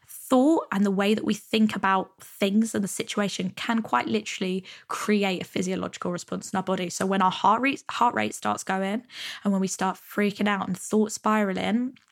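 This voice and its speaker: A woman's voice: medium pitch, vocal fry. A woman hosting a podcast, talking casually about money stress with lots of fillers. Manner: chatty, lots of fillers like "you know" and "like". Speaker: podcast host. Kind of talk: casual self-help podcast monologue.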